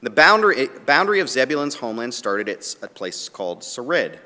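A man preaching a sermon and reading scripture aloud, his delivery swinging from soft asides to emphatic, raised points. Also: mid-range voice, very animated, a little fast, long reverb tail. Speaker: pastor.

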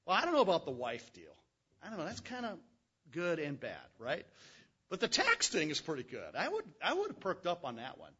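A man preaching a conversational sermon, reading scripture with folksy, animated asides. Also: fairly high pitch, fairly quick, breathy edge, muffled recording. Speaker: pastor.

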